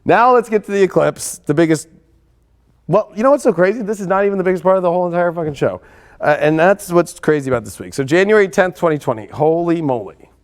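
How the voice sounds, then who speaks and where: A man with a fairly high voice talks through a weekly astrology forecast. He is excitable and swears freely. He swings between loud, hyped bursts and quiet, earnest stretches. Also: fast. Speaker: astrology show host.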